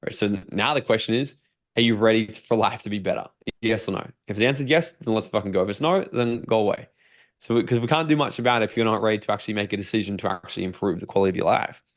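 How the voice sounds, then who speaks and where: In rapid-fire delivery and a fairly low pitch, an Australian coach in personal development talks as a podcast guest. Energetic and freely swearing, he performs his own inner voice.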